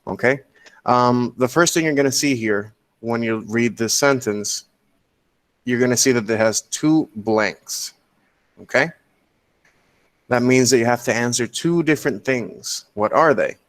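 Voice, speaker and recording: A man's voice: medium pitch, measured pace. Patient male teacher on a video call. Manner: patient, explanatory, keeps checking with "okay?". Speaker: English teacher. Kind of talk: online class lecture. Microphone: computer mic on a video call.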